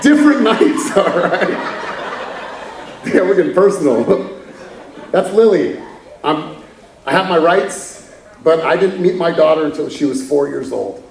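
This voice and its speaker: A man's voice: on the high side, lively intonation, unhurried, vocal fry, long pauses, a little mellow, distant mic. A man giving a candid motivational talk from a conference stage, chuckling as he tells stories. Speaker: keynote speaker. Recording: echoey hall from afar.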